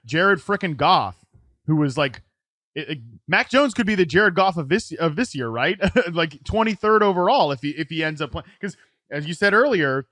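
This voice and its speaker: A man hosting a casual sports podcast, talking in quick bursts with frequent restarts and "right?" tags. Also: a little high, animated, sharp tone, no room sound. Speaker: podcast host. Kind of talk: casual fantasy football chat.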